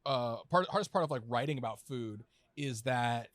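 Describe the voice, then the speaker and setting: Male podcast guest, 30s, casual rambler, mid-pitched, dead dry sound. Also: fairly bright tone, no echo. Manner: rambling with many restarts and fillers, quick laughs. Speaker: podcast guest, food writer and editor. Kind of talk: casual conversational chat.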